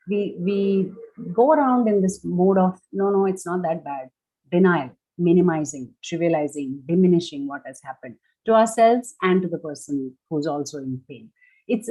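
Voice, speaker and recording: A woman giving a gentle, measured workshop talk, explaining ideas step by step. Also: fairly low pitch, low-quality recording. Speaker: workshop speaker on grief and loss.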